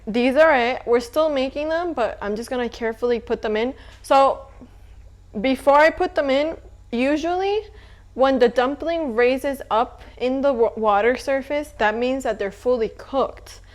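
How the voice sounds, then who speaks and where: A young woman with a somewhat high voice walks viewers through a home cooking video. She keeps it chatty and relaxed, talking casually as she cooks and tastes the food. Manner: chatty, relaxed, talks while cooking and eating. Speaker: cooking channel host.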